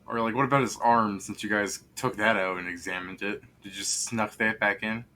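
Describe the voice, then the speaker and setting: A man's voice: fairly low pitch, steady tone, brisk, pushed and bright, a little hiss or hum. A man running a tabletop game as game master, dry and teasing, stopping to ask his players questions.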